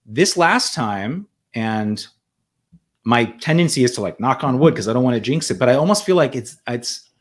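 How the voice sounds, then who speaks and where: A man's voice: medium pitch, animated, normal speed. A man in a conversation, recounting his experience in an earnest, reflective way. His voice sits in a mid range. He often restarts and repeats words while he searches for the right phrasing. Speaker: interview guest. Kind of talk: conversational storytelling.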